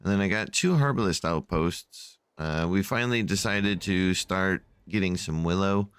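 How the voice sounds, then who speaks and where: A tired man with a very low, smooth, resonant voice talks through his strategy game in a loose, rambling way full of fillers. The sound is dry and close on a desk mic at home. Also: moderate pace, fairly bright tone, no echo. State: sleepy. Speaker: gameplay channel host. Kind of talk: casual game commentary. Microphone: desk microphone.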